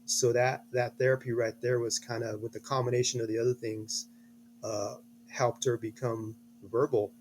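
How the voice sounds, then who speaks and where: Slightly hoarse middle-aged man telling a story. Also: mid-range voice, moderate pace, slight background noise. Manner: earnest, lively storyteller with restarts. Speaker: guest, a father. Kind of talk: interview storytelling.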